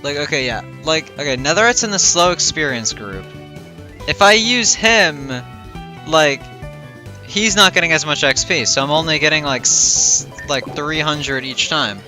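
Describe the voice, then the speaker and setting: A man's voice: on the high side, animated, unhurried, sharp tone. A tired young man streaming a game, thinking aloud in a rambling way with lots of fillers. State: tired and yawning. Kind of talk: casual gameplay livestream chat. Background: game music.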